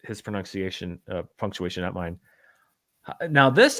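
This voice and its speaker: A man hosts a casual live-stream chat about the news, dry and wry in tone. His voice sits a little low, and he rambles along, filling pauses with plenty of uhs. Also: wildly swooping pitch, bright, forceful tone. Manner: wry, rambling, lots of uh fillers. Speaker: host.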